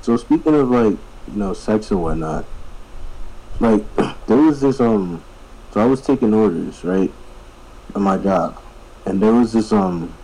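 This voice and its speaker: A man's voice: fairly low pitch, animated, a little slow, long pauses, dark tone, rough recording. A young man telling a story in a loose, rambling way during a casual podcast chat. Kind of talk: casual storytelling among friends.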